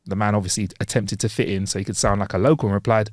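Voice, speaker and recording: A man's voice: lowish voice, fairly even intonation, racing, dry recording, clean studio sound. A man co-hosting a comedy podcast, casually chatting and reading out jokes in a playful, giggly way. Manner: playful, giggly, voices joke characters. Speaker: podcast co-host.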